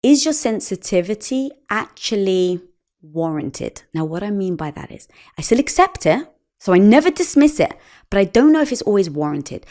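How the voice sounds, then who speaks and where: A middle-aged woman talks as an interview guest, her pitch swinging widely as she tells a story. She acts out the dialogue in her anecdotes with lively, expressive delivery. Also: moderate pace. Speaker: podcast guest. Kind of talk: conversational interview.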